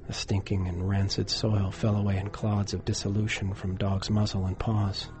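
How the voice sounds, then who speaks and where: A man narrating a horror story in a measured, dramatic way, dropping to a hush for suspense. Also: lowish voice, level tone.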